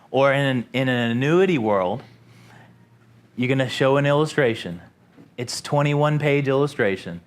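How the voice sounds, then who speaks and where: A man, a company president, giving an informal sales training talk to a room, animated and asking the audience questions. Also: medium pitch. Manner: animated, acts out customers in a raised voice.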